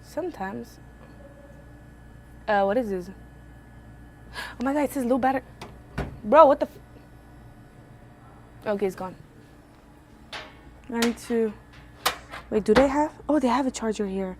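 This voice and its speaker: A young woman from Belgium streaming from home on a phone, telling a family story in a lively, animated way. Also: fairly high pitch, a little slow, pauses often, a little hiss or hum. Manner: animated, lively storyteller with big jumps for quoted voices. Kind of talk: casual livestream storytelling. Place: indoors at home. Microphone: phone on a gimbal.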